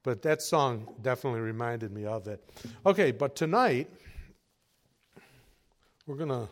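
Slow-talking pastor, folksy and lively. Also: male voice, mid-range voice. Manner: folksy storytelling, chuckles, swings from quiet asides to raised exhortation. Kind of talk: sermon.

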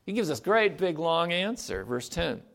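A man's voice: fairly high pitch, very animated, moderate pace, gravelly, fairly bright tone. Man, preacher, conversational sermon, rhetorical questions, scripture reading.

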